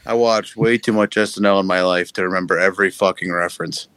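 A man's voice: sits low, steady tone, fast, a bit bright, smooth, rough recording. A man co-hosting a podcast, joking around and teasing his friends, swearing freely. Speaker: podcast co-host. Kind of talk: casual chat.

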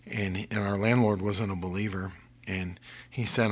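An older man from Missouri, a guest telling faith testimony stories earnestly, sometimes dropping to a hushed whisper. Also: lowish voice, fairly even intonation, moderate pace, husky.

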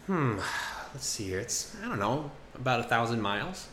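A man voicing an elderly grandmother in a short teaching skit, musing and unhurried. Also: mid-range voice, sing-song, sharp tone, roomy sound, a little hiss or hum.

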